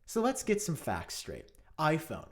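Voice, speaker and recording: A man vlogging to camera in a mock-outraged, sarcastic commentary, theatrical and swinging between loud jabs and muttered asides. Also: fairly high pitch, wildly swooping pitch, measured pace. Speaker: tech vlogger.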